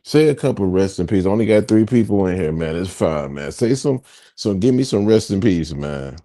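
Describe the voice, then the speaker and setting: Man, reaction host, mock-grieving, dark voice, lively pitch. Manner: mock-mourning, drawn-out groans and repeated "man". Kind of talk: casual reaction chat.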